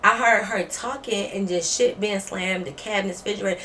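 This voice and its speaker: Animated, profane woman telling a story. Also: mid-range voice, brisk, slight background noise. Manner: animated and profane, acting out quoted dialogue. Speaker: vlogger. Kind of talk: casual storytime.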